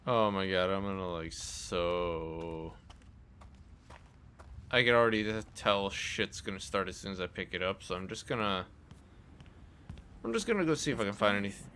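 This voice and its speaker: A man's voice: low-pitched, lively intonation, moderate pace, long pauses, sharp tone, slight background noise. A man streaming a game, commenting live in a self-deprecating, apologetic way.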